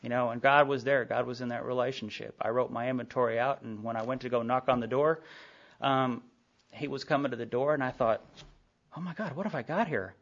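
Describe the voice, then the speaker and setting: A middle-aged man speaks to a recovery meeting with a gravelly edge in his voice. He tells his own story candidly and casually, full of asides. The sound is a dull, lo-fi tape of a live talk. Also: mid-range voice, little pitch movement, fairly quick, a bit bright. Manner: candid storytelling with frequent asides and acted-out dialogue. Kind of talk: personal recovery story told to a group.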